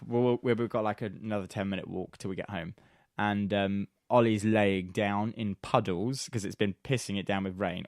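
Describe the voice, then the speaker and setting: A man's voice: lowish voice, no room sound, studio quality. A man co-hosting a podcast, recounting a long story in casual chat with some exasperation. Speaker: podcast co-host.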